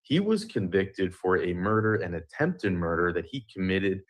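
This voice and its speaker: A man with a lowish voice narrates a commentary video with sarcasm and theatrical flair. He builds up each point and then undercuts it with snark. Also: very animated, normal speed.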